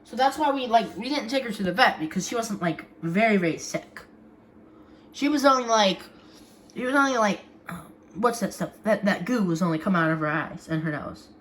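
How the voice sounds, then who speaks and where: A woman talking in a casual home vlog, halting and often restarting her sentences. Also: mid-range voice, lively intonation, a bit bright, a little hiss or hum. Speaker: vlogger.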